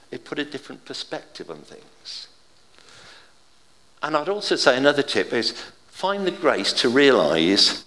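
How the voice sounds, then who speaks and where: An older man giving an informal, chatty sermon with gentle humour and family anecdotes. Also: medium pitch, big-room sound.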